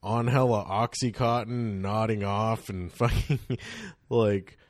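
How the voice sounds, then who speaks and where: Chill low-voiced dude from norcal, slangy, laughing through his stories. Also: steady tone, slow pace, dry recording, clean studio sound. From northern California. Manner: laid-back, laughing, slangy. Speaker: podcast guest, DJ. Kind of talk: casual storytelling chat.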